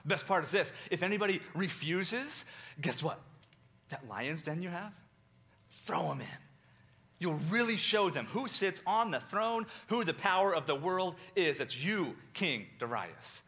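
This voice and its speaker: A man's voice: sits high, unhurried, pitched above the performer's own voice, exaggerated voice. A man doing fawning scheming court conspirators. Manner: fawning, oily flattery. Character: scheming flattering male royal conspirators.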